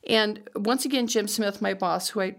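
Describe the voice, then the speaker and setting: A woman's voice: mid-range voice, normal speed. A woman in her sixties, a judge, telling stories in a conversational interview, laughing often and acting out her own past thoughts. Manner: animated, laughs often, acts out quoted thoughts.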